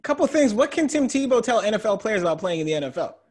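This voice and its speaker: High, breathy-voiced male sports host. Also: fast talker. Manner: storytelling, animated and laughing. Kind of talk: panel discussion.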